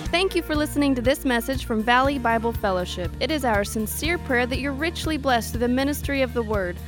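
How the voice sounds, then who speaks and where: A woman's voice: sits high, expressive, a little fast, over loud music. A woman reading a polished scripted announcement for a church ministry.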